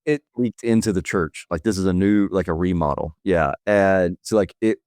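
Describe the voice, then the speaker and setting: A man's voice: low-pitched, moderate pace, a little mellow, no room sound, clean studio sound. A middle-aged man hosting a podcast, telling rambling stories in casual chat and laughing easily. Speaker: podcast host.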